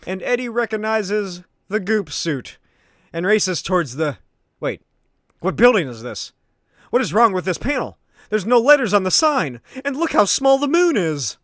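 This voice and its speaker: A man's voice: on the high side, dry recording, studio quality. Jokey man recapping a comic. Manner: jokey, sarcastic asides. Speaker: comic book reviewer.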